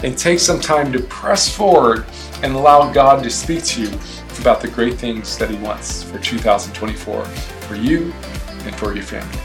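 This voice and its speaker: A man's voice: medium pitch, moderate pace, over music. A man in his forties, a pastor giving a short encouraging sermon in a conversational way, often asking "right?".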